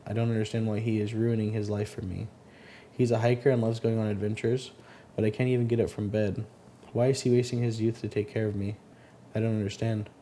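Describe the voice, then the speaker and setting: A man hosting a story channel who reads posts aloud, then comments in a halting, earnest way, often stumbling and repeating words. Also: on the low side, little pitch movement, a little hiss or hum. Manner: sympathetic, soft-spoken commentary. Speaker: Reddit story reader and host.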